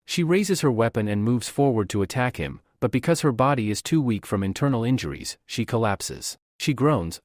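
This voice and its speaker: A man narrating a comic recap as a scripted story, steady in delivery but lively in pitch. His voice sits in the middle range. The recording is dry and close, with no room sound. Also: moderate pace, few pauses, dry recording.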